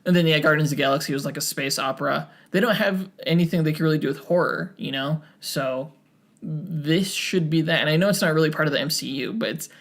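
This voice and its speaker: A man's voice: fairly high pitch, fast talker, a bit bright. A young man co-hosting a podcast, talking casually with many fillers and restarts. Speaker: podcast co-host.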